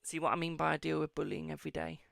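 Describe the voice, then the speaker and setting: Gravelly British man reading tarot. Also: on the high side, rapid-fire, fairly bright tone, no room sound, studio quality. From United Kingdom. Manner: affectionate, repeats phrases, calls viewers "my darling" and "boo". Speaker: tarot reader, live-stream host. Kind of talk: live-stream tarot reading, casual chat.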